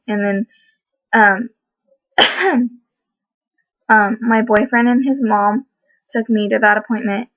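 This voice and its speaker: Young woman vlogging, says like a lot, kinda flat tone, tinny phone sound. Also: on the high side, no room sound. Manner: rambling, many fillers and "like". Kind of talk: casual storytelling vlog.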